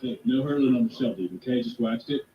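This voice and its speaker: A man's voice: medium pitch, fast talker, highs cut off, slight background noise, natural voice. A man voicing a laid-back male surfer sea turtle, with a drawling surfer-dude way of talking. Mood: mellow. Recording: TV audio from far off in a roomy space.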